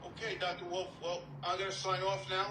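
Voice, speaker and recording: Bright, quick man on a video call. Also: high-pitched, monotone, a little hiss or hum, rough recording. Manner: brief, agreeable replies. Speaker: guest.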